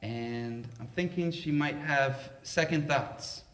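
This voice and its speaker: A man telling a comedic story live in a conversational, unhurried way, with many fillers. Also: mid-range voice, a bit bright. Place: library event room. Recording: echoey library room.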